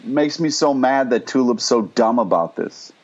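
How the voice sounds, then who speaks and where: A man's voice: medium pitch, animated, normal speed. A man co-hosting a podcast, chatting casually about a TV episode with blunt, heated opinions and lots of swearing. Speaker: podcast co-host. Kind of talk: casual TV recap chat. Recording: dull lo-fi sound.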